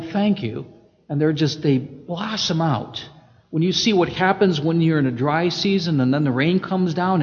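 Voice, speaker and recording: Male pastor, high voice, emphatic, roomy lo-fi church sound. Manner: emphatic, swings between loud and hushed. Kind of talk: sermon with scripture reading. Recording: echoey hall, dull lo-fi sound.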